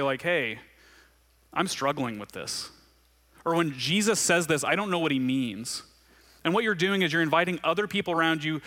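Male pastor, sermon; conversational and earnest, bright forceful tone. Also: a little high. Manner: conversational, earnest, laughs often.

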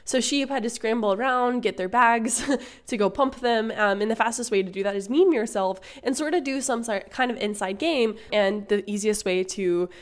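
A young woman hosting a casual finance explainer, chatty with quick asides and a laugh here and there. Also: fairly high pitch.

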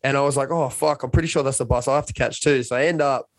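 A man's voice: medium pitch, steady tone, quick pace, dry recording. A young man casually telling a rambling, self-mocking story in a chat with a friend.

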